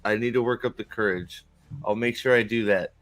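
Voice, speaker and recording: A man's voice: fairly low pitch, steady tone, a little fast, fairly bright tone. A man hosting his stream, ranting casually with lots of swearing, restarts and repeated words. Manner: profane, rambling, repeats himself. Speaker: streamer host. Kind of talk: casual rant.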